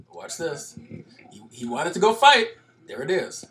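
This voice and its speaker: A man's voice: mid-range voice, wildly swooping pitch, moderate pace, fairly bright tone, a little hiss or hum. Emphatic man commenting on clips. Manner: emphatic, explanatory, repeats points. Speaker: video commentator. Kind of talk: commentary over video clips.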